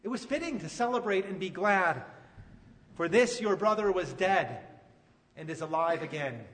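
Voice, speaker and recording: Man as a tender forgiving father, soft and pleading, reverberant hall. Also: high voice, normal speed, lightly acted. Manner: pleading, peaceful. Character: gentle, forgiving father of grown sons.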